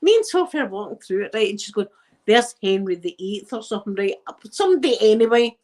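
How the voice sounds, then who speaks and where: The Glaswegian channel host, a middle-aged Scottish woman, tells rambling stories in casual chat, laughing frequently. Her mid-range voice is sing-song and darkish, and she talks at a quick pace.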